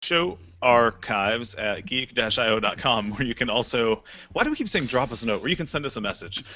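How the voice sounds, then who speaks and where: A man's voice: medium pitch, sing-song, a little fast, pushed and bright. A man co-hosting a podcast, reading show notes in an easygoing way. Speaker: podcast co-host. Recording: noisy line with clicks.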